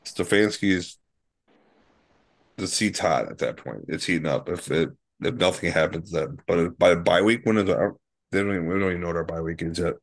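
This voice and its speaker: A man's voice: deep voice, moderate pace. A man co-hosting a casual sports podcast, laid-back and slangy. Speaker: podcast co-host.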